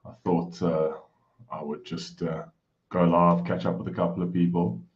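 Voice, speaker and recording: A man's voice: sits low, flat delivery, moderate pace, lo-fi sound. A man from Africa, hosting a casual live stream from home, greeting viewers by name and keeping his voice down. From South Africa. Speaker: livestream host. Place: home room.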